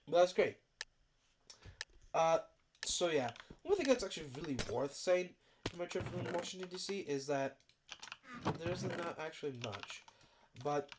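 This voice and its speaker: A stuffy-nosed voice chats loosely over a game, rambling from one thought to the next and leaning on fillers. The voice sits at an ordinary middle pitch. Loud keyboard clatter and mouse clicks carry clearly under the talk, picked up by a desk mic. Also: a little hiss or hum. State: stuffy nose. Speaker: gaming video creator. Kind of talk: casual commentary over gameplay.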